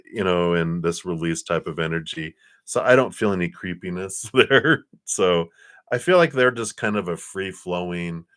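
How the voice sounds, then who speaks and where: A deep, low-voiced man reads tarot cards on a live stream. He speaks gently and reassuringly, wandering through his thoughts with fillers and restarts. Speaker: tarot reader.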